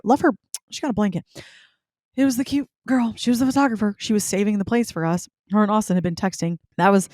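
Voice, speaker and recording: A young woman hosting a podcast, telling a story in a chatty, animated way with lots of fillers. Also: medium pitch, no echo, clean studio sound. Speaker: podcast host. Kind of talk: casual storytelling.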